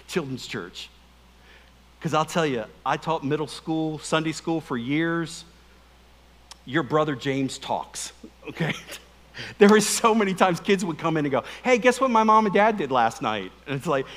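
A middle-aged man preaching a sermon with jokes and questions to the congregation. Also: sits high. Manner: animated, joking, asks the crowd questions. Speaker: pastor. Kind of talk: humorous sermon.

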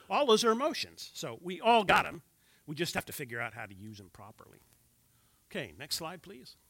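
A man's voice: on the high side, bright, forceful tone, no room sound. A man in his sixties teaching a church class on marriage from slides, with wry joking asides to the audience.

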